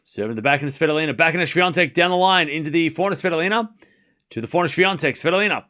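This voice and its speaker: A man hosting a live tennis watchalong, giving informal play-by-play that rises to excited shouts on big points. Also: a little high, racing. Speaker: host calling a live watchalong stream.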